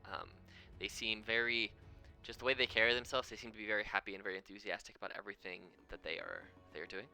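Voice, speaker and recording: A man narrating as game master of a tabletop game, unhurried and full of fillers. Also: lowish voice, fairly even intonation, vocal fry, pushed and bright.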